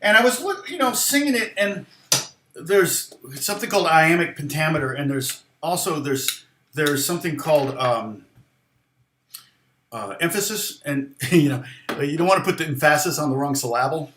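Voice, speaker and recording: A man's voice: a little high, lively intonation, moderate pace, echoey room, slight background noise. A man giving a casual songwriting lesson, rambling with restarts and fillers, now and then half-singing lyric lines to show a point. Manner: sings lyric snippets softly to demonstrate. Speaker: guitar teacher.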